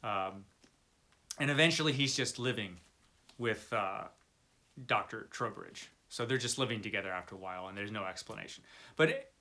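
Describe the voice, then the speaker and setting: A man's voice: on the low side, moderate pace, pauses often, pushed and bright. A man talking casually about old pulp fiction, chatty and rambling, with many fillers and restarts and a wry, enthusiastic tone. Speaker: book reviewer. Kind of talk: casual video talk.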